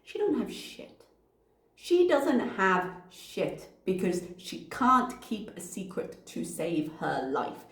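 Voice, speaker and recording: A woman's voice: medium pitch, big pitch swings, slow pace, a bit bright. A woman hosting a reaction channel, giving blunt, sarcastic commentary and swearing freely as she reacts to messages. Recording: echoey room.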